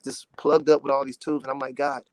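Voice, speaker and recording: A man's voice: mid-range voice, flat delivery, a little fast, no room sound. A man in his twenties from Dallas, a gospel artist talking in a casual interview, earnest and emotional with lots of "you know"s. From Dallas, Texas. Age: 20s.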